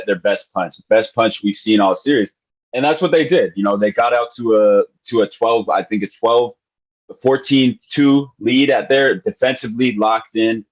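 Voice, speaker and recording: Emotional low-voiced man, lo-fi sound. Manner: emotional, repeats himself, calls people bro and man. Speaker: podcast co-host. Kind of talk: excited casual sports chat.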